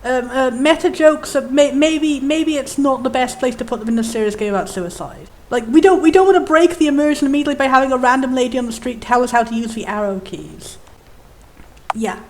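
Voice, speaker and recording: A woman's voice: high-pitched, a little fast, slight background noise. A young woman giving chatty, enthusiastic and opinionated commentary as she plays a game. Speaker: let's play host.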